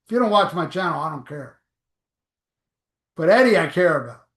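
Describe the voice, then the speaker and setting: High-pitched guy on a livestream reading chat, swears a lot, kinda echoey room. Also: expressive, moderate pace, fairly bright tone. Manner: blunt, profane, offhand. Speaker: livestream host reading viewer comments. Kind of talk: casual live chat.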